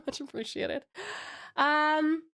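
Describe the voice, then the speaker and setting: A woman's voice: high voice, very slow, fairly bright tone. An Australian woman from Tasmania chatting casually on a live stream, bubbly and greeting her chat with pet names.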